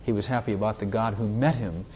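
A man preaching a fervent sermon, his voice climbing and growing louder when he stresses a point. He reads scripture slowly and deliberately. A faint noise sits under his voice. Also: steady tone. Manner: fervent, rising in pitch and volume at emphatic points; slow, drawn-out scripture reading. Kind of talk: sermon with prayer and testimony.

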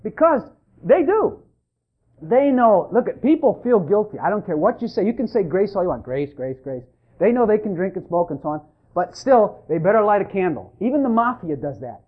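An emphatic preacher drives a church sermon along, repeating lines and calling out to the listeners. The voice rises and falls with a lively, swinging pitch. It comes through a narrow, tinny recording that sounds like a phone line. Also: fairly quick. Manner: fervent, emphatic, repeats phrases and calls out to the congregation.

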